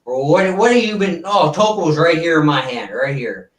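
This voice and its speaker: A man's voice: on the high side, expressive, moderate pace, far from the mic, lightly acted. Man doing an old TV variety host, stiff, stagey announcer delivery, showy, roomy room sound, off-mic.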